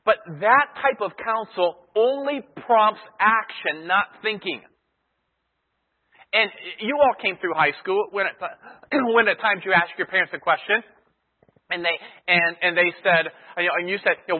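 Thin, phone-like audio with long hall reverb carries a high-pitched man teaching an expository sermon at a moderate pace. He repeats his key phrases and puts rhetorical questions to his listeners.

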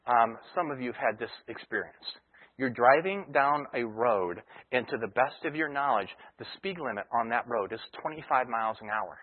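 Husky preacher on a tinny line. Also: male voice, mid-range voice, expressive, normal speed. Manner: conversational teaching with illustrations. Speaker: pastor. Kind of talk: sermon. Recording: tinny phone-like radio broadcast.

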